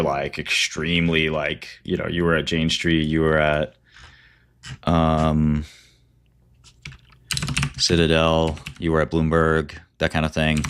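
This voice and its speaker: A man's voice: very deep voice, fairly bright tone, smooth. A man hosting a casual livestream, talking trading in a blunt, offhand way and giving advice. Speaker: livestream host and trader.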